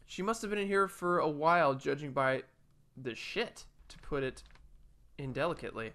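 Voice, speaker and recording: A man giving casual, animated gameplay commentary from his home, jumpy and swearing freely. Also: on the high side, normal speed. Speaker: let's play host. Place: home room with a cat nearby.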